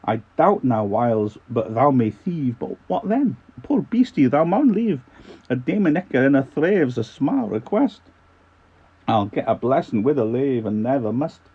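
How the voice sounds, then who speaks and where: A man reading a poem aloud in a put-on Scottish accent, voicing a gently apologetic farmer poet in slow, lilting recitation. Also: mid-range voice, very animated, slightly rough, highs cut off, voice pushed up, full character voice. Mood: reciting.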